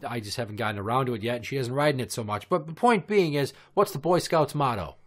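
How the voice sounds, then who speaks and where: A man's voice: medium pitch, lively intonation, quick pace. A man in his thirties hosting a comedy podcast, telling crude stories in long, profane, rambling run-on rants. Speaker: podcast host.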